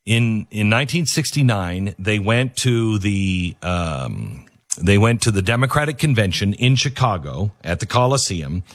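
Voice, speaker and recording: A man's voice: on the low side, no room sound, clean studio sound. A man delivering a political opinion monologue, emphatic and repetitive, with frequent fillers and restarts. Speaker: political commentator.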